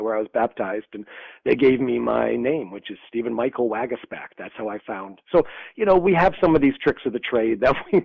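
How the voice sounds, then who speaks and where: Gravelly man in his sixties telling a story. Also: medium pitch, no room sound. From upstate New York. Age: 60s. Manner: animated storyteller, laughs often, acts out dialogue. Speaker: podcast guest. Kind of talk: storytelling interview. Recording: dull lo-fi dry sound.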